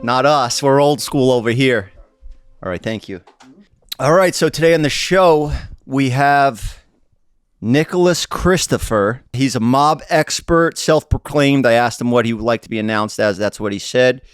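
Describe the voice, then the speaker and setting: A man's voice: mid-range voice, expressive, measured pace, clean tone, no echo. A man hosting a podcast in casual chat, joking and rambling with mock-tough banter. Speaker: podcast host.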